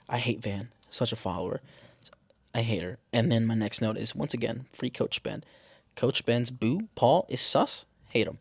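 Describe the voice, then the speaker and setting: A young man giving a casual, animated episode recap, swearing freely and jumping into exaggerated high-pitched reactions. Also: dry recording, clean studio sound. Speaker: podcast host recapping a TV episode.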